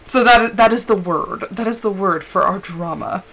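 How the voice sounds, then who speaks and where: A woman's voice: mid-range voice, normal speed, fairly bright tone. A young woman streaming a game, chatting and telling stories casually and laughing often. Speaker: live streamer. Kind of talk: casual chat while gaming. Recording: background noise.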